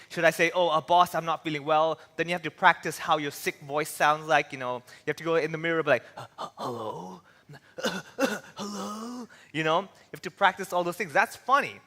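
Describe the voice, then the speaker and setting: A man from Hong Kong, a comedian giving an animated stand-up style talk on stage with a handheld mic, acting out little voices as he tells stories. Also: on the high side. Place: large hall with an audience. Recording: long hall reverb.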